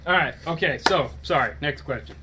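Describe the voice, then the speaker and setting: A man's voice: fairly high pitch, fairly quick, noisy background. A man hosting a casual live-stream show, explaining car audio setups in a rambling, self-correcting way.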